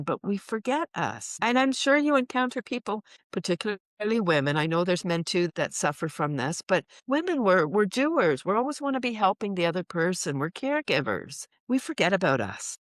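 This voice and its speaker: A woman's voice: lowish voice, normal speed, few pauses, no echo. A woman who teaches laughter yoga, talking in a casual interview and acting out little voices and laugh sounds as she goes. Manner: animated, acts out voices and laughs.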